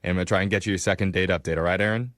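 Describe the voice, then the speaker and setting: A man's voice: low voice, fairly even intonation, very fast, background noise. A male radio host running a call segment in a teasing, blunt way. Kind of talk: joking radio prank call.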